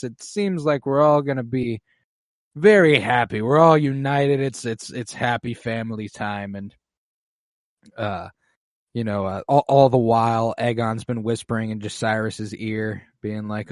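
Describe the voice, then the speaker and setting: A man's voice: on the low side, fairly even intonation, a little slow, no echo, clean studio sound. A man co-hosting a podcast, chatting casually and profanely as he recaps a TV episode. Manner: profane, loose, acts out characters in quotes. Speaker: podcast co-host.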